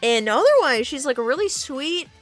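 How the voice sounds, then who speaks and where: A woman's voice: high-pitched, sing-song, moderate pace, faint music behind. A young woman streaming from her home art studio, chatting and giggling as she talks to her dogs. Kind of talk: casual live-stream chat.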